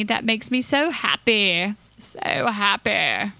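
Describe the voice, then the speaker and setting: A woman's voice: medium pitch, lively intonation, moderate pace, bright, forceful tone, no echo. A young woman casually commenting on her gameplay, chatty and scattered, giggling and cooing at little in-game creatures. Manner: hyper and scattered. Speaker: let's play host.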